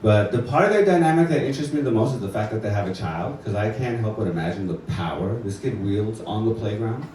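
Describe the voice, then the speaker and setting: A man's voice: fairly low pitch, expressive, fast, hardly any pauses, darkish tone. A man doing a wry, offhand stand-up set in a basement comedy club. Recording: echoey room from far off, noisy.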